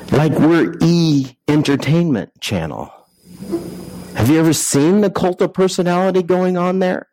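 A man's voice: fairly high pitch, darkish tone, no echo, poor audio. Dry-voiced man preaching conversationally. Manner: conversational preaching with rhetorical questions and restarts. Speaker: pastor. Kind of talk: sermon.

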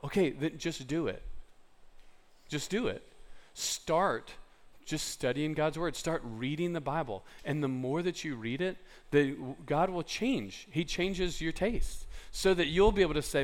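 A male pastor preaching a sermon in a relaxed, conversational storytelling way, with fillers and restarts. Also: on the high side, measured pace.

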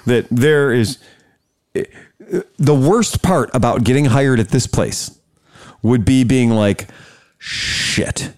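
A man's voice: medium pitch, slow, darkish tone. A man hosting a casual chat, telling profane stories with a lot of laughter. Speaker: podcast host.

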